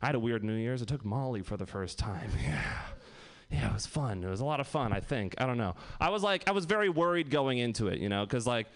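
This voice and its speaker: A man's voice: mid-range voice, expressive, fast talker. A man in his twenties doing a rambling stand-up set, laughing at his own jokes. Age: 20s. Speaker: stand-up comic.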